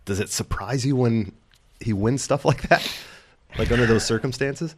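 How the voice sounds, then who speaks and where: A man hosting a podcast interview, asking loose, relaxed questions and giving short replies. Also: mid-range voice, normal speed, a little hiss or hum. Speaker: podcast host. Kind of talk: casual interview.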